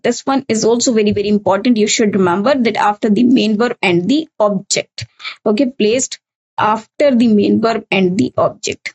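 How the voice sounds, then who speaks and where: A woman's voice: medium pitch, a little mellow, slightly rough, rough recording. A woman with an Indian English accent teaching an English grammar lesson, explaining step by step, repeating key points and often saying "okay". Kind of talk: recorded exam-prep lesson.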